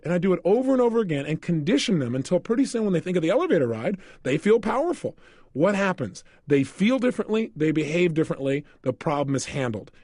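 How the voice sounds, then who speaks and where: A man giving a motivational seminar talk, telling stories in an animated way and acting out scenes. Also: high-pitched, no echo, clean studio sound. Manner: animated storyteller, acts out scenes. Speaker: motivational speaker.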